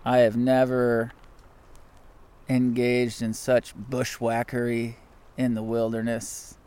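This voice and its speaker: A man co-hosting a trip podcast outdoors, telling stories excitably and laughing often. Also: medium pitch, slow, clear, resonant tone. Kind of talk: casual chat on a canoe trip.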